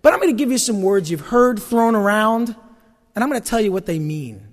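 A man preaches in an animated, folksy way, his voice high and swinging widely in pitch. It rings with a long hall reverb, as in a church sanctuary. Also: a little fast. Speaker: pastor. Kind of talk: sermon.

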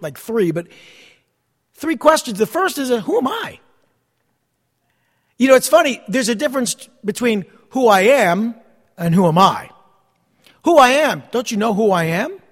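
Man, pastor, high-pitched voice, sermon, repeats phrases with pauses, echoing church hall.

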